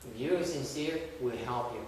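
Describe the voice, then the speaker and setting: A man's voice: medium pitch, a little slow. A male Buddhist master delivering a sermon in a blunt, scolding way, often checking in with his listeners. He sounds some distance from the mic, and his voice rings out through a big reverberant hall. A faint hum of room noise sits underneath. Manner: blunt and scolding, with rhetorical questions. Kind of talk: dharma talk sermon. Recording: echoey hall from far off.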